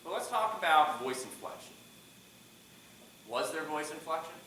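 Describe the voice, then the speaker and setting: Middle-aged male speaking coach, bright voice, questions his students, recorded from far off in an echoey classroom. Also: fairly high pitch, moderate pace, slight background noise. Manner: asks the class questions, lively shifts in volume.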